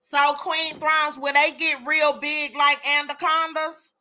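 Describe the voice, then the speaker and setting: A woman's voice: high voice, little pitch movement, slow, sharp tone. A woman hosting a casual live chat, exclaiming and talking to listeners by name. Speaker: host of a live chat room.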